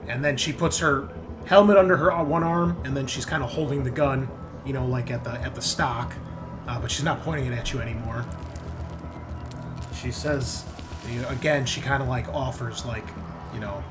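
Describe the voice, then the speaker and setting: A man's voice: mid-range voice, steady tone, normal speed. A man running a tabletop game as game master, describing the scene to players in a loose, rambling way. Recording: tense background music.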